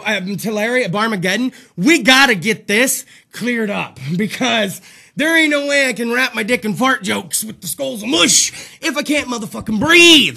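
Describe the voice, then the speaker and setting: Male host, very high and bright, excitable and crude, slightly out of breath. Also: creaky. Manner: loud, crude, rambling and excitable. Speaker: podcast host. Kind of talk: comedic live-stream talk show.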